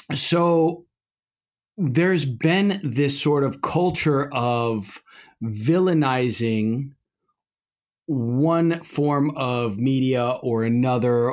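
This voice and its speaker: Rambling middle-aged priest co-hosting a podcast. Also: male voice, mid-range voice. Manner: rambling, frequent fillers and restarts. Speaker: podcast co-host, Orthodox priest. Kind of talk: casual conversational podcast talk.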